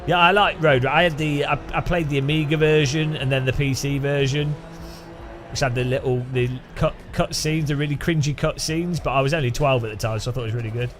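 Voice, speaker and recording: A man's voice: fairly high pitch, steady tone, brisk. English guy streaming a racing game, chatty, laughs a lot, faint music in the back. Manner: chatty, laughs a lot, greets chat by name. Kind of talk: casual live-stream chat.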